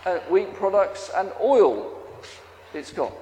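A man's voice: high-pitched, sing-song, slow pace, warm tone, slight background noise. A man leading a harvest service, chatting and asking the congregation questions as he goes. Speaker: church leader at a harvest service. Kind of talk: interactive talk to a congregation. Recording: long reverb of a large hall.

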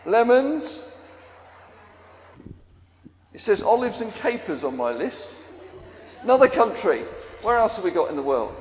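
Chatty man, high voice. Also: sing-song, measured pace, pauses often, a little hiss or hum. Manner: chatty, asks the congregation questions. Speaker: church leader at a harvest service. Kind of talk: interactive talk to a congregation. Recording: long reverb of a large hall.

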